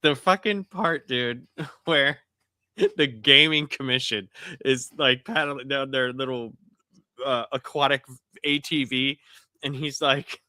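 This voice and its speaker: A man on a casual panel. He tells stories in a lively, profane way and laughs as he goes. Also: mid-range voice, slow pace, dry recording. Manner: animated, profane, laughs while telling stories.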